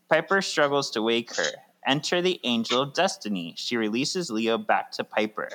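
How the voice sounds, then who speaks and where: Co-host voice, mid-pitched, recaps scenes plainly and adds firm, stubborn opinions. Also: a bit bright. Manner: reads out scene summaries, then reacts with firm opinions. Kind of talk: casual chat recapping a TV episode.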